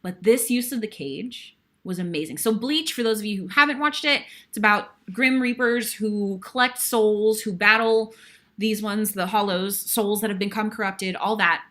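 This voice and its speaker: Bright-voiced woman retelling a stage memory. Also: medium pitch, normal speed. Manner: emotional, breathless retelling with sighs. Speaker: guest host. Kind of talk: animated storytelling.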